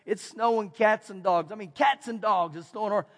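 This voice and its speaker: A middle-aged Texan pastor with a fairly high voice preaches in a folksy, animated way, doubling his phrases as he tells a story. His voice rings with a long reverb from a large church hall. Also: normal speed. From Texas. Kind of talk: storytelling sermon. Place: church sanctuary.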